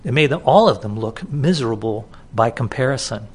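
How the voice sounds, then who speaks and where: A man delivers a sermon from the pulpit in an easy, conversational manner. His voice sits at an ordinary middle pitch, and he restarts phrases and repeats key words to drive a point home. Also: lively intonation, fairly quick, slightly rough. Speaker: pastor. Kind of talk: expository sermon.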